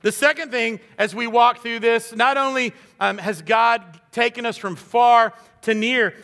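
A man's voice: very high voice, steady tone, a little slow, few pauses, pushed and bright, long reverb tail. A man preaching a sermon in an earnest, conversational way, acting out little quoted voices as he goes. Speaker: pastor.

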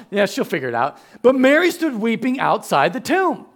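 A man's voice: very high voice, big pitch swings, normal speed, few pauses, fairly bright tone. A man preaching a conversational sermon, joking with the congregation and acting out the lines of the people in the story. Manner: conversational, acts out quotes, jokes with the congregation. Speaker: pastor. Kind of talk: animated sermon.

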